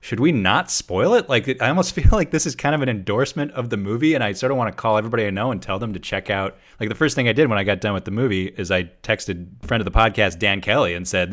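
A man's voice: lowish voice, fast, few pauses, fairly bright tone. A man co-hosting a podcast, chatting casually and enthusiastically about a movie he watched, laughing often and restarting his sentences. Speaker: podcast co-host. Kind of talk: casual film review chat.

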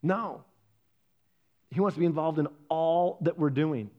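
A man's voice: a little high, measured pace, highs cut off. A man preaching a sermon, telling personal stories and acting out his own reactions. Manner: animated storyteller, acts out his own reactions. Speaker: pastor.

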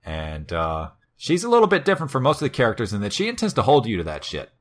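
A man's voice: medium pitch, wildly swooping pitch, quick pace. A man co-hosting a podcast, retelling a story in casual chat, wry and full of swearing. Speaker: podcast co-host.

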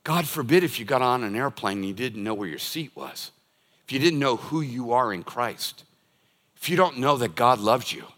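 An older pastor preaches a sermon, telling stories and acting out everyday scenes in a medium-pitched, fairly bright voice. The long reverb of a large hall surrounds him.

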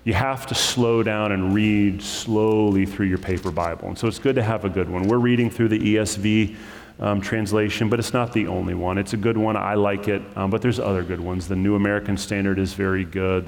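A male pastor, slightly low and creaky in voice, preaches a sermon while choked up with emotion. He addresses the congregation conversationally, with asides and quick self-corrections, and his voice echoes with the long reverb of a sanctuary-like hall.

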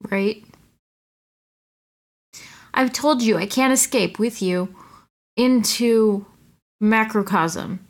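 Woman co-reading a story aloud, playful, takes the dialogue slow and keeps asking questions. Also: fairly high pitch. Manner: playful, asks questions, reads her part slowly. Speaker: co-reader of a story. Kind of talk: casual reading aloud with banter.

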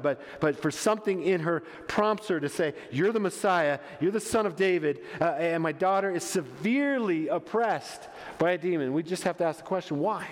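A man preaching a sermon in a church hall, emphatic and passionate, with frequent stammering restarts. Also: on the high side. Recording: long church hall reverb.

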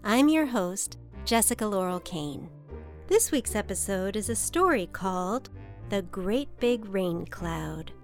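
A woman hosting a children's story podcast, narrating in a gentle, soft and soothing scripted style. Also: medium pitch, animated, takes it slowly, faint music behind.

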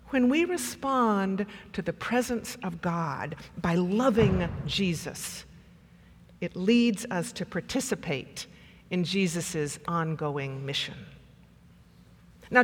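A pastor preaching a sermon with measured delivery and dramatic pauses. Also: medium pitch, in a large hall.

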